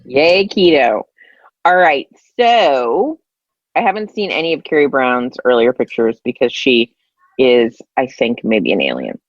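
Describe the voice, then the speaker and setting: Woman in her 40s, podcast host, very low pitch, raspy morning voice, lively swooping intonation. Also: measured pace, no room sound, highs cut off. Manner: self-deprecating, laughs often. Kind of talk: casual chat.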